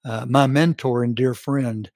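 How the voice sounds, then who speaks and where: A man teaching a Bible study on a podcast, reading scripture slowly with emphatic stress. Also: mid-range voice, fairly even intonation, darkish tone, no room sound, studio quality.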